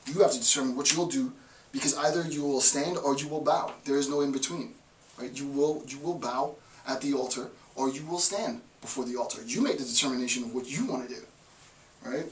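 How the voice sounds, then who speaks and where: Male lecturer, emphatic and insistent, middle pitch, recorded from across an echoey room. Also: brisk, recorded from a distance. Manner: emphatic, repeats "right?" often. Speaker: philosophy lecturer. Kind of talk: informal lecture.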